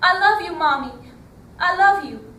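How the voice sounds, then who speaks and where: A woman's voice: high-pitched, animated, normal speed, a bit bright, a little hiss or hum. A woman voicing a sweet, longing little girl who pleads in breathless repeats. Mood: urgent. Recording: echoey hall from far off.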